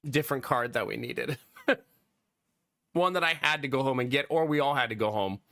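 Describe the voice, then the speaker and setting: Bright, laughing male live streamer. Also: medium pitch, brisk, vocal fry. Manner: laughs often, animated and exasperated. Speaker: live streamer chatting with viewers. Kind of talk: casual story telling to a live chat.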